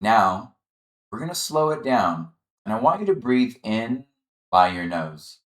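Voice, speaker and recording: A man leading a chair yoga class, calmly guiding the listener through breathing and gentle movement. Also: on the low side, unhurried, roomy sound. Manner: calm, encouraging, guiding the breath step by step. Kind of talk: guided exercise instruction.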